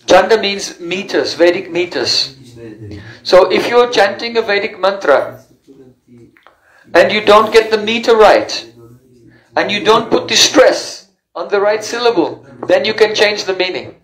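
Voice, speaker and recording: A man's voice: high-pitched, animated, measured pace, long pauses, fairly bright tone, echoey room, low-quality recording. A man giving a spiritual lecture on scripture, explaining terms step by step with fillers and self-corrections. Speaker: teacher of scripture.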